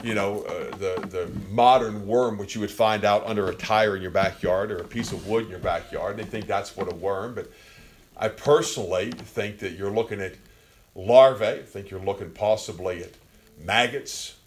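A man preaching a sermon with passion, swinging from quiet, low passages to loud, near-shouted peaks. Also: normal speed, a little hiss or hum.

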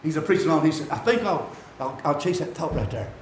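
A man preaching a rambling, folksy sermon that climbs into shouts. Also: on the high side, big pitch swings, fast talker, a little hiss or hum. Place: church. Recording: echoey hall from far off.

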